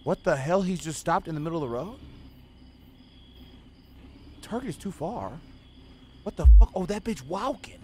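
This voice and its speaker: A young man streaming a video game, giving profane running commentary that swings between low muttering and sudden yelling. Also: big pitch swings, normal speed, pauses often, a little hiss or hum. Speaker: gaming streamer. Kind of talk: live gameplay commentary.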